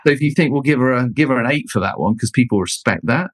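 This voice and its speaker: A man's voice: fast talker, slightly rough, no room sound. A middle-aged man telling stories as a guest, acting out the people he quotes. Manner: expressive, acts out quoted people with jumps in pitch. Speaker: guest, leadership author and speaker. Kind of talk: animated storytelling in conversation.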